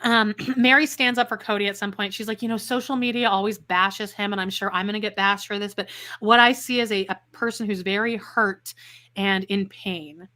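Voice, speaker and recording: A woman co-hosting a casual recap podcast, sarcastic and quick to laugh, acting out quotes as she retells scenes. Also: mid-range voice, fairly even intonation, sharp tone. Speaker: podcast co-host.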